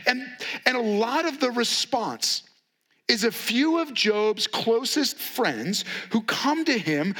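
A man preaching with a high, bright voice. He tells the story in an animated way and acts out the quotes with a sarcastic edge. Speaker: pastor. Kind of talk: sermon.

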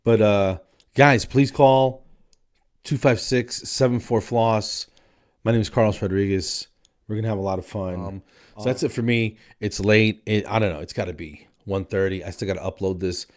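A man's voice: on the low side, steady tone, normal speed. A man hosting his own comedy podcast, rambling and exasperated, tired late at night. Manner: rambling, exasperated, repeats himself. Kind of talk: casual stand-up style monologue.

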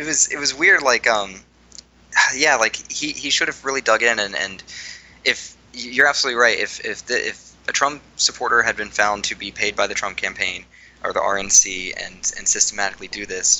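A young adult man co-hosting a podcast, chatting about politics with many fillers and halting restarts. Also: fairly low pitch, fairly even intonation, sharp tone, rough recording. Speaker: podcast co-host. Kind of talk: casual political chat.

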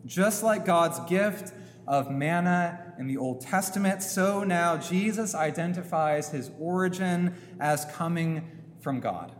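A man preaching a sermon as a priest in a church, slow and emphatic, posing rhetorical questions. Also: a little high. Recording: long church reverb, faint hum.

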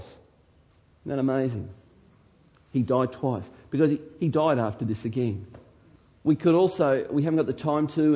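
A man preaching a sermon, reading scripture dramatically and bursting into loud shouts to act out the lines. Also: medium pitch. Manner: shouts dramatically when acting out quotes. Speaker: pastor.

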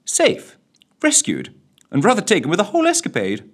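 A man's voice: high-pitched, huge pitch swings, normal speed, voice pushed up, heavily acted. Poised upper-class lady agent, clipped and genteel, a man in a raised voice. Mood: brisk.

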